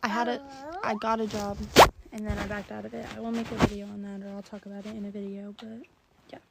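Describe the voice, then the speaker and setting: A woman's voice: medium pitch, level tone, fast talker, vocal fry, very noisy. A woman of about twenty, a stay-at-home mom, telling a casual storytime in a giggly, chatty way full of fillers.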